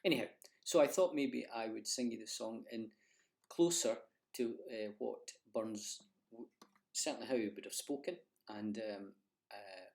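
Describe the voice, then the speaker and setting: A Scottish man with a somewhat low voice teaches in an unhurried way. He pauses often and takes care to explain how each word is pronounced, like a folk singer passing on a song. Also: creaky, a little mellow. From Scotland. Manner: unhurried, explains pronunciation carefully with many pauses. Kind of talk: relaxed spoken lesson.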